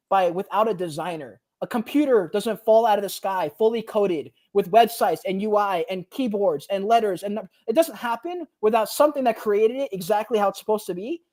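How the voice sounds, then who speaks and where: A man in his twenties, co-hosting a podcast, telling a personal story in a casual, animated way, full of slang like "bro" and "like.". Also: sits high, moderate pace, hardly any pauses. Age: 20s. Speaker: podcast co-host.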